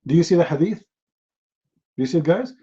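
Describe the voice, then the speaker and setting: A man's voice: a little high, animated, normal speed, mellow, dull audio. A man giving a humorous talk, telling stories in a mocking, sarcastic way. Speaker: speaker.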